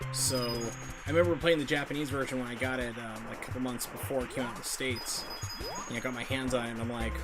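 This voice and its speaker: A man chatting casually and rambling while he sets up a live game stream, talking into a headset. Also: mid-range voice. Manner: chatty and rambling, with many fillers. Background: video game music.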